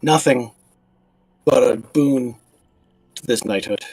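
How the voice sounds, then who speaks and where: A man voicing a stern but caring noblewoman who leads a knighthood, speaking in an earnest, measured and formal way. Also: mid-range voice, darkish tone, breathy edge, dry recording, soft background music.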